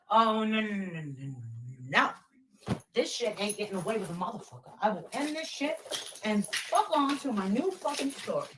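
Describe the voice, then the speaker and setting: A woman's voice: mid-range voice, far from the mic, a little hiss or hum, poor audio. Brash, foul-mouthed woman ranting on a livestream. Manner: brash, loud, demanding, swears constantly. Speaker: livestream host. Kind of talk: profane livestream rant.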